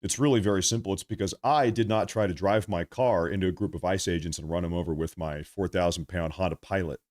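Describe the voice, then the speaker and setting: A man's voice: low-pitched, quick pace, darkish tone. A man hosting a live stream, giving blunt, opinionated commentary in a conversational way.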